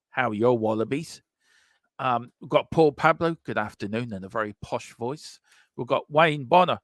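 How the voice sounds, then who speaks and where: A rowdy man runs a casual football transfer news stream, gloating over his correct calls and reading out what viewers write in. The recording is dry and close-miked with no room sound, and his middle-pitched voice has a fairly bright edge.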